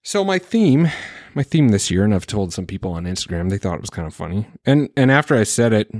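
Man, podcast host, lowish voice, dry close sound, reflective, rambling, restarts a lot, swears now and then. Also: lively intonation, quick pace, a little mellow, no echo. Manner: frank, with occasional swearing. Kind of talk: casual solo podcast monologue.

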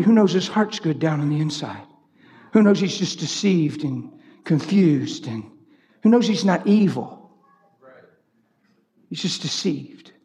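Man, preacher, sermon, high voice, animated, swings from shouts to low storytelling, long hall echo.

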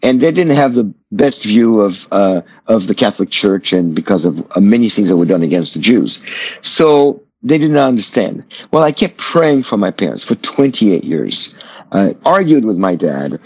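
Husky middle-aged man. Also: fairly low pitch, very animated, normal speed, darkish tone, no echo. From France. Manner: earnest, reflective storytelling. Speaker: guest. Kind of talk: personal testimony in a radio interview.

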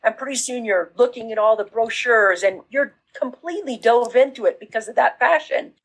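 A woman business coach talking casually in an interview, acting out excited reactions as she explains. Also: a little high, moderate pace, breathy edge, rough recording. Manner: animated, acts out quoted reactions.

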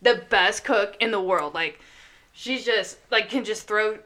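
Woman on a podcast, bright voice, rambly storytelling with lots of likes. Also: mid-range voice, a little slow. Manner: chatty storyteller, lots of "like" fillers. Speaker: guest. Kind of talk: casual podcast chat.

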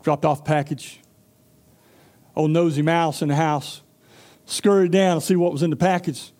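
A man's voice: fairly high pitch, fairly even intonation, normal speed, a little mellow. A man preaching a sermon, telling a folksy story and acting out character voices. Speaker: pastor.

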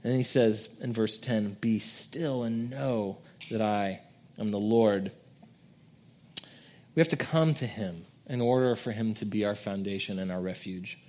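A man preaching a sermon in a casual, conversational way, swinging between soft reflective passages and loud emphatic peaks. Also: unhurried. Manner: conversational preaching, dramatic swings in pitch and volume. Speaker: pastor.

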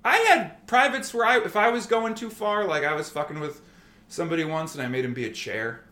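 A man in his thirties with a slightly raised voice tells army medic stories in a loose, profane, animated way. He quotes the people around him as he goes. The sound is echoey and roomy. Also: a little high, brisk. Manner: profane, animated storytelling that acts out quoted exchanges. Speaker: podcast guest, former army medic. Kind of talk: casual conversation.

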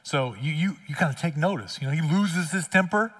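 Man preaching in church, high voice, blunt and chatty, repeats his point, heard from off the mic. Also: fairly quick, fairly bright tone, far from the mic. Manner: conversational, blunt, emphatic repetitions. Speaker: pastor. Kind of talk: sermon. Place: church sanctuary.

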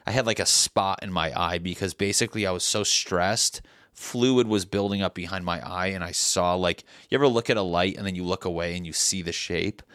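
A young man with a very low voice talks in loose, rambling bursts, swearing freely and cutting himself off mid-thought. The sound is dry and close, with almost no room in it. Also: brisk, fairly bright tone, dry recording. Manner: rambling, profane, self-interrupting storytelling. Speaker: stand-up comedian, podcast guest. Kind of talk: casual chat.

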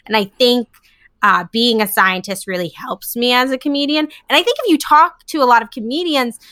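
A woman's voice: on the high side, normal speed, pushed and bright, no room sound, clean studio sound. A young woman, a comedian and scientist, chatting casually in an interview with many fillers and frequent laughs. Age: young adult.

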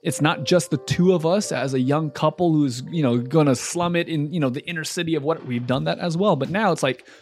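A man's voice: a little high, brisk, hardly any pauses, darkish tone, soft background music. A young man co-hosting a casual faith podcast, talking in a reflective, chatty way. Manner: affirming listener, reflective and chatty. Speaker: podcast co-host.

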